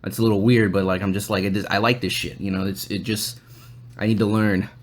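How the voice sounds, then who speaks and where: A man's voice: on the low side, flat delivery, fairly quick. A man hosting a podcast, telling a long story in a loose, rambling way with a lot of swearing. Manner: acts out other people's lines in quoted voices. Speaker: podcast host. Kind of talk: casual storytelling chat.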